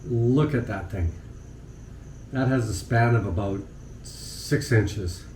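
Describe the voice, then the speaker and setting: A man's voice: mid-range voice, measured pace, darkish tone, a little hiss or hum. A middle-aged Canadian man with a Canadian accent, talking casually to camera outdoors in a vlog and laughing often. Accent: Canadian English. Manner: chatty, laughs often, talks straight to viewers. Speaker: vlogger. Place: outdoors at a house build site in the Philippines.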